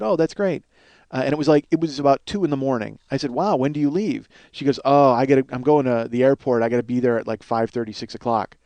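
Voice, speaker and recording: A man's voice: mid-range voice, warm tone, clean tone, dry recording. Rambling crude middle-aged man, dry mic. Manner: rambling, crude, self-mocking storytelling. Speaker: podcast host. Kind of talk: rambling solo podcast monologue.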